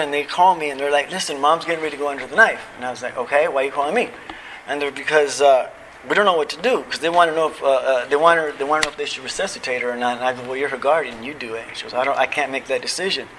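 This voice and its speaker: A middle-aged man gives a personal recovery testimony with a bright, forceful voice. He tells it as a casual story, acting out both sides of old conversations and chuckling at his own lines. A faint hiss of noise sits under the speech. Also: a little high, fast talker, rough recording. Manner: storytelling, acting out quoted dialogue.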